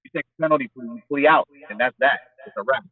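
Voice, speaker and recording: A man's voice: medium pitch, fast talker. A man speaking as an interview guest, blunt and profane, repeating phrases as he builds his point. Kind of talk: casual interview talk. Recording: phone-like remote audio.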